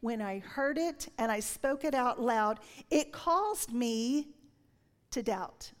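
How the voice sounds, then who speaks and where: Женщина за шестьдесят проповедует в гулком зале, голос высоковатый. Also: female voice, a little high, takes it slowly. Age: 60s. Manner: animated storytelling, drops to whispers when quoting. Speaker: preacher. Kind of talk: sermon with personal testimony. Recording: long reverb of a large hall.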